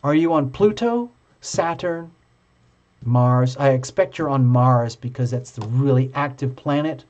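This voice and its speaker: Excitable man hosting a tarot stream. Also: mid-range voice, measured pace. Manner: excitable, gushing, playful. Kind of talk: live stream chat with viewers. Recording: dull lo-fi stream audio.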